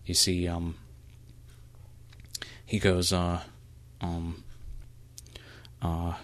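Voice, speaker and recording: A man narrating a role-play as game master, halting with many fillers. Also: low voice, monotone.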